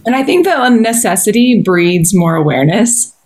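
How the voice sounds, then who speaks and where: An American woman co-hosting a casual podcast, speaking in a measured, explanatory way. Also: mid-range voice, expressive, a little mellow. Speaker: podcast co-host. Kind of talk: casual chat.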